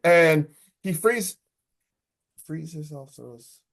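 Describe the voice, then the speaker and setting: A man on a horror movie podcast who talks a little high and keeps the energy up. He retells scenes in a casual way, swearing and acting out what the characters say. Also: slow pace, gravelly. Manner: excited, swearing, acts out lines from the film. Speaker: podcast host.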